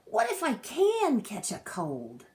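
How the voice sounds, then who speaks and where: A woman voicing an excited, eager young male raccoon child in a storybook read-aloud, high and insistent. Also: slow pace, creaky, heavily acted.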